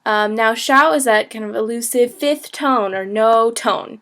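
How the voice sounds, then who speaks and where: A young woman with a fairly high voice teaches a casual video lesson to the camera. She talks in a loose, chatty way, filling her sentences with "like" and "you know" and laughing often. She sounds friendly and informal, more like a chat than a lecture. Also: measured pace, fairly bright tone. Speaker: language teacher, travel vlogger.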